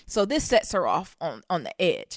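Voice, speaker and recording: This podcast co-host has a lowish voice and a moderate pace, recorded at studio quality with no room sound. Chatting casually, she spins lively, profanity-laden stories and performs the quotes within them.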